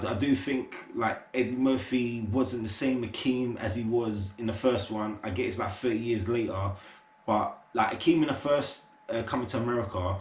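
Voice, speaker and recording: A young man casually reviewing a movie, rambling with lots of fillers and street slang. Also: mid-range voice. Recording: roomy echo.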